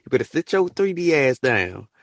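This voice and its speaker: A man hosting a podcast, ranting his opinion in an animated, profane way and bursting into shouts. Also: mid-range voice, moderate pace, no echo. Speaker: podcast host.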